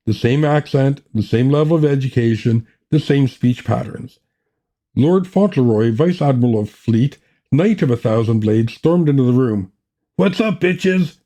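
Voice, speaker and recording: A man hosting a writing podcast, giving a scripted lesson in a measured, matter-of-fact way. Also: medium pitch, dark tone. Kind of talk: scripted teaching talk.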